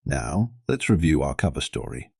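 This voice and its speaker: Man doing a long-suffering human teacher for an audio story, very deep voice, dry close sound. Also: big pitch swings, moderate pace, creaky, darkish tone, husky, no echo, heavily acted. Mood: patient.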